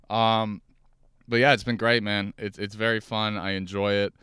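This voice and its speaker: A young man hosting his own podcast, rambling through profane, animated stories while sitting in his car. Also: fairly low pitch, moderate pace, clean tone, dry recording, clean studio sound. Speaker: podcast host and stand-up comic. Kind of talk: casual solo podcast monologue. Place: inside a car.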